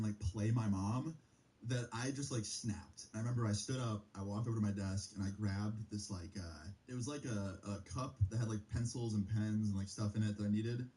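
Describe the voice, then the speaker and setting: A man's voice: fairly low pitch, mellow, poor audio. A young man telling a personal story in a heated, casual way, swearing freely. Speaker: streamer.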